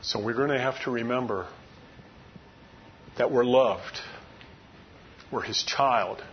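A middle-aged man preaching a sermon in an earnest, conversational, folksy storytelling way. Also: takes it slowly. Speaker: pastor. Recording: muffled lo-fi recording with faint rumble.

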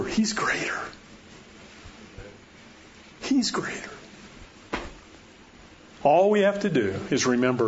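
A man preaching a sermon in a conversational way, often checking in with his listeners through rhetorical questions. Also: mid-range voice. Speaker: pastor. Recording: dull lo-fi sound with faint noise.

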